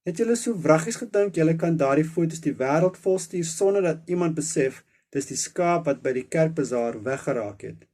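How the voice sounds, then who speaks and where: A man reading aloud voices a gruff, scolding police sergeant in a storybook. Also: a little high, animated, a little fast, hardly any pauses, a little mellow, pitched above the performer's own voice. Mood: stern. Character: stern grumpy male police sergeant.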